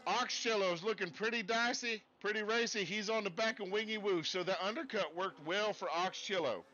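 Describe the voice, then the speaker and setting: A man's voice: high-pitched, moderate pace, bright, forceful tone, highs cut off. A man doing live sim racing commentary in a put-on Southern US accent, rambling and folksy with jokey asides, speaking from a desk streaming setup. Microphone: streaming setup at a desk with screens.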